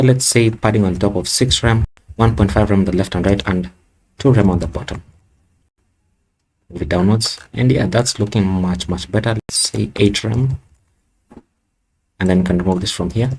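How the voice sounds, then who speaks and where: Low-voiced man thinking aloud while coding. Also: normal speed, long pauses, darkish tone, slight background noise. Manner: thinks aloud, casual, self-correcting. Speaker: coding tutorial host. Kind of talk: screen-recorded coding walkthrough.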